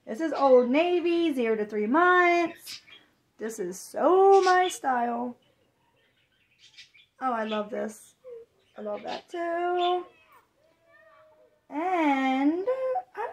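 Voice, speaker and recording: A young adult woman vlogging an unboxing, gushing with excited exclamations. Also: high-pitched. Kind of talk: unboxing chat.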